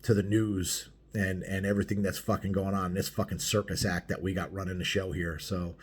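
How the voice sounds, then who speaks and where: A man's voice: low-pitched, little pitch movement, brisk, slightly rough. A middle-aged man telling a biker story in a casual vlog, swearing a lot and rambling with many fillers. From United States.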